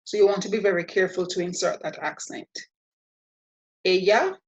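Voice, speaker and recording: A woman's voice: on the low side, steady tone, moderate pace, lo-fi sound. A woman teaching a language lesson, walking through each step with patient, playful explanations. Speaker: Spanish teacher. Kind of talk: slow, deliberate language lesson.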